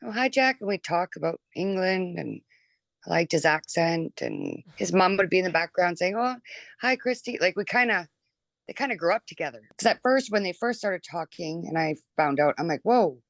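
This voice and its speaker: A middle-aged woman, a mother telling her story in an interview, chatty and animated, filling her talk with 'like' and acting out what people said. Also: fairly low pitch, normal speed, vocal fry, dry recording. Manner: chatty and animated, full of 'like' and acted-out quotes. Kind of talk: emotional personal recollection.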